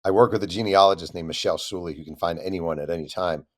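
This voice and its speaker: Low-voiced man telling a story animatedly. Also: steady tone, fast talker. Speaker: author guest. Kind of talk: storytelling interview answer.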